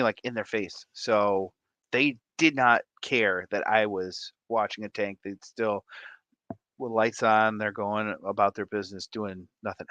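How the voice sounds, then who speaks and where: Lively, bright-voiced man hosting a stream. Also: medium pitch, dry recording, lo-fi sound. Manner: animated and playful, jokey asides to chat. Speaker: livestream host. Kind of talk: casual live stream chat, reading viewer comments.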